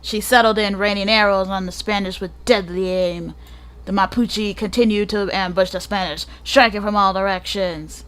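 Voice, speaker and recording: A woman reads a history book aloud in a casual way, with a voice of ordinary pitch for a woman. She keeps stopping for playful, jokey asides. She stumbles over unfamiliar names and tries them again. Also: unhurried. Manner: playful, breaks off reading for joking asides and laughs; stumbles over and repeats hard names and words. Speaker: gaming channel host.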